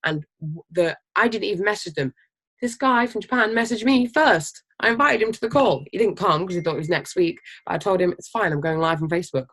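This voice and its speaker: Team leader, casual motivational training talk; emphatic, energetic, swears freely, mid-pitched. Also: brisk, breathy edge. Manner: animated, energetic. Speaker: team leader of a health business.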